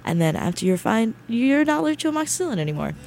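A woman's voice: a little high, big pitch swings, very fast, gravelly, slight background noise. A young woman from New Jersey, hosting a radio show and telling a rambling, self-deprecating story in casual chat. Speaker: radio host. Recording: faint music behind. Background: soft background music.

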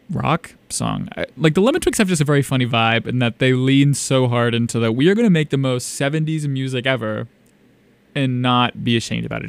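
A young man with a gravelly, creaky voice hosts a casual radio music segment. He rambles happily, full of "like" and "um." The sound is dry and close, with no room echo. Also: medium pitch. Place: small radio studio.

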